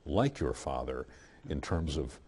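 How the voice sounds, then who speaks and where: A man hosting a television interview, asking his guest calm, measured questions. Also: extremely low pitch, breathy edge. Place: television studio.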